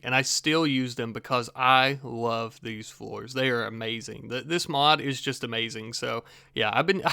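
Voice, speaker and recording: Bright, crisp, self-mocking young man. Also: medium pitch, no echo. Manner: rambling, self-mocking, laughs often. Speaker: channel host reacting to his old video. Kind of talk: casual reaction commentary.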